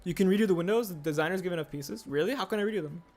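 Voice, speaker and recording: A man's voice: sits high, racing, a little mellow. A young man streaming casually, rambling and answering chat aloud as he builds. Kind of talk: casual livestream chat while building a set. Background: faint music.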